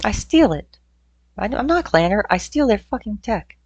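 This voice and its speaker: A woman streamer chatting casually while playing a game, excitable and swearing freely. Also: mid-range voice, moderate pace, husky, dry recording. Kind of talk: casual gameplay chat. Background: faint game music.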